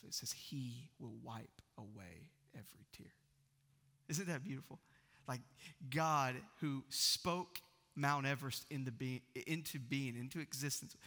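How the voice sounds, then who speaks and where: A man, preaching a sermon in a church and swinging from loud proclaiming to hushed near-whispers. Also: mid-range voice, long reverb tail. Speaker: pastor.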